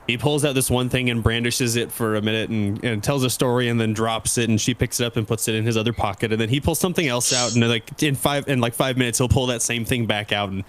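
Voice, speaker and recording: A man's voice: medium pitch, steady tone, fast talker, hardly any pauses, slight background noise. A man narrating a tabletop game as game master, rambling with many restarts.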